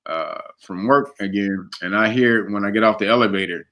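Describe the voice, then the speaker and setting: Bright-voiced animated male storyteller. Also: on the low side, fairly quick, few pauses. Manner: animated, acts out quotes, laughs often. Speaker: guest. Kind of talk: casual storytelling interview.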